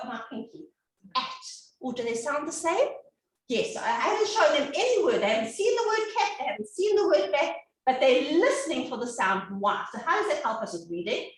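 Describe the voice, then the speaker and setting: A woman giving an educational talk as a reading specialist, animated and acting out sounds the way she does with children. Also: on the high side. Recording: echoey room, distant mic.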